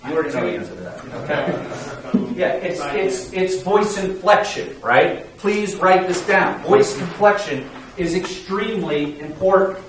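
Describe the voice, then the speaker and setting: A man coaching a sales team in an emphatic, energetic, pleading way. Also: high voice, unhurried. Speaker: sales trainer. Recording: echoey room, mic far off, faint hiss.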